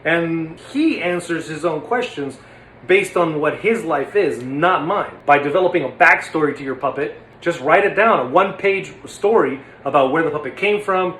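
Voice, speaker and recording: A young man explains a craft casually and playfully. His voice sits high for a man. It rings in an echoey room with faint hiss. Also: moderate pace, a bit bright. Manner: playful, demonstrative, slips into silly voices. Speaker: puppeteer and teacher. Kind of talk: casual instructional talk.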